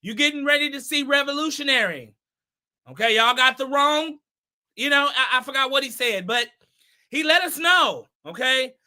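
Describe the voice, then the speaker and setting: A woman's voice: high voice, lively intonation, normal speed, sharp tone. A woman from the Bay Area hosting her own show, giving casual commentary in a chatty way with repeated words and emphatic asides. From San Francisco Bay Area. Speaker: talk show host.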